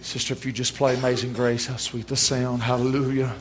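A man's voice: medium pitch, flat delivery, fairly quick, a little hiss or hum. Folksy emphatic male preacher in church. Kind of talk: sermon. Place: church service.

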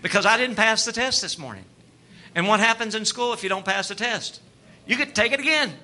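A male preacher, delivering a sermon that moves between hushed, tender passages and loud, animated storytelling. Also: high voice, brisk.

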